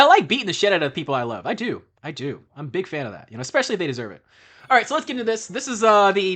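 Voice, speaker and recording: A man's voice: on the high side, fairly bright tone. A man giving casual gameplay commentary as a streamer, rambling and profane with self-help musings. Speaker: streamer playing an online role-playing game.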